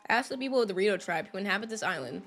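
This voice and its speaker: A woman's voice: medium pitch, lively intonation, racing, fairly bright tone, soft background music. A woman reading the lines of a wise old male talking boat from a video game aloud in a plain voice. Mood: solemn.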